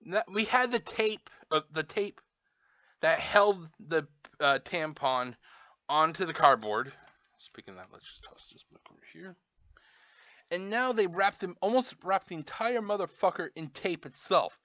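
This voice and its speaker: He's a toy reviewer whose sharp voice sits high, with lively intonation and a measured pace, cursing constantly through an angry, sarcastic unboxing tirade. It was recorded at home, and the sound is dry, dull and lo-fi.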